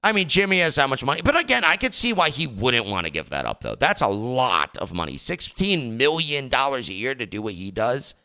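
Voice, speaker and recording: A man's voice: medium pitch, sing-song, brisk, hardly any pauses, pushed and bright, smooth. A young man hosting a podcast in casual talk, rambling and exasperated, slipping into mocking voices. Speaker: podcast host.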